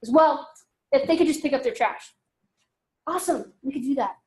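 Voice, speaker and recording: A high-pitched woman speaks to a group in a lively storytelling way. She acts out conversations and keeps asking her listeners questions. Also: moderate pace. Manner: animated, acts out dialogue, asks audience questions. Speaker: speaker giving a talk.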